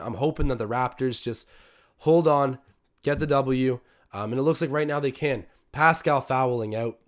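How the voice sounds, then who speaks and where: Young guy streaming a watch-along, casual commentary, yells when stuff happens. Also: mid-range voice. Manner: excitable, talks to chat, bursts of loud cheering. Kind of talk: casual live game commentary.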